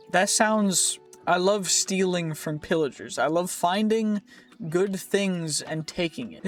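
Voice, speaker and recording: A man giving chatty, rambling commentary while playing a video game, joking around and restarting his sentences often. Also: high-pitched. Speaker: gaming video creator. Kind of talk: casual gameplay commentary.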